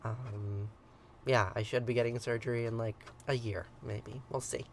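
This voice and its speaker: A man hosting a morning livestream, reading an old myth aloud and chatting with viewers, hesitant with many ums and quick to chuckle. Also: medium pitch, fairly even intonation, vocal fry, noisy background. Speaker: livestream ritual host. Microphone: livestream computer mic.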